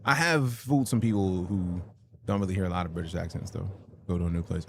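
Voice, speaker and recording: A man's voice: sits low, fast talker, vocal fry, slight background noise. A man from Chicago streaming a space game, chatting casually and rambling with jokes and profanity. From Chicago, United States. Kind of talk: casual gaming livestream chat.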